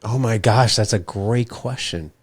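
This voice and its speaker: Guy with a really deep voice asking eager questions, dry close mic. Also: unhurried, husky, dry recording. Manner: curious, eager questions, laughs easily. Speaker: podcast host. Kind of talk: casual podcast interview.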